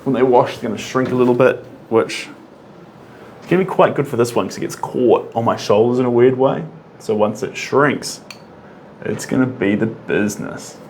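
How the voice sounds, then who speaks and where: While painting on a live stream, a man hums and sings to himself, reading out viewers' comments and answering them in a chatty way. His non-American English has a rolled R, and his mid-range voice is a little mellow at a moderate pace, with slight background noise.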